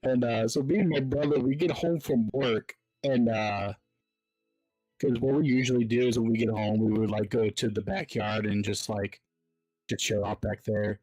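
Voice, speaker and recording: A man's voice: mid-range voice, steady tone, moderate pace, darkish tone, soft background music. A man hosting a podcast, telling a story casually with lots of fillers and laughs. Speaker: podcast host. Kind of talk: casual chat.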